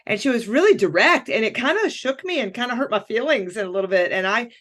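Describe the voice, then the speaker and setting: A woman coach, appearing as a podcast guest, tells a personal story in candid conversation. She's animated and acts out her own inner voice as she goes, speaking fast at a fairly high pitch.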